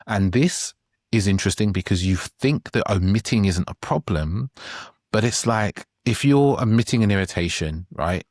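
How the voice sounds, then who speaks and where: A man's voice: deep voice, no room sound, clean studio sound. A middle-aged man talking through relationship advice in a conversational podcast monologue, often checking in with "right?". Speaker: relationship coach.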